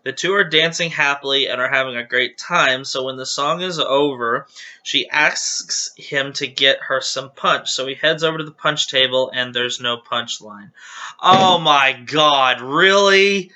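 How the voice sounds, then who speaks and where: A man's voice: medium pitch, moderate pace, pushed and bright. A man hosting his channel, casually reading viewer jokes aloud with chatty, giggly, self-deprecating asides.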